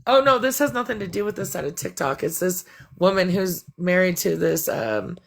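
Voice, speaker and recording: A woman's voice: on the low side, normal speed, gravelly. A woman chatting bluntly and profanely on a live stream, rambling as she vents. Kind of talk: casual venting chat.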